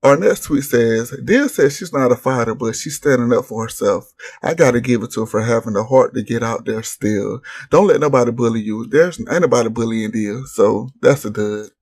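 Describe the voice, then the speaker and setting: A man's voice: medium pitch, moderate pace, darkish tone, dry recording. A man hosting a casual reality TV recap vlog, blunt and profane as he reads viewers' posts and mocks the cast. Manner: brash, blunt, profane trash-talk with laughs.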